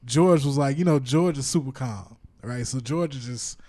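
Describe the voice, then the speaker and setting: A man's voice: mid-range voice, moderate pace, darkish tone, no room sound. A man co-hosting a casual podcast, telling stories in a laid-back way and laughing often. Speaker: podcast co-host.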